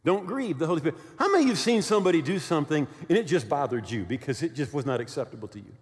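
A man's voice: on the high side, rapid-fire. Older guy pastor preaching, voice jumps all over, big echoey hall. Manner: animated storytelling with many "right?" check-ins. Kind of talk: sermon. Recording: long hall reverb.

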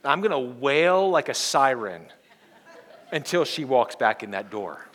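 A man voicing a newborn baby boy who misses his mother, talking slowly in a mock-indignant way during a sermon anecdote. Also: medium pitch, very animated, a bit bright.

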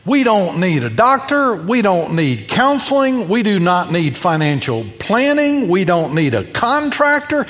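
A high-pitched male preacher delivers a storytelling sermon, swinging from hushed asides to bold outbursts as he acts out the people in the story. His voice trails off into the long reverb of a church sanctuary. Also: very animated, a little slow. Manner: storytelling preacher acting out voices, shifting loud and soft. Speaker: pastor.

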